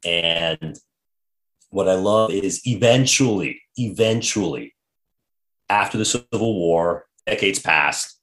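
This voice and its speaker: Male podcast host, lower voice, animated storyteller, reads old quotes aloud. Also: takes it slowly. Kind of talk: casual history chat.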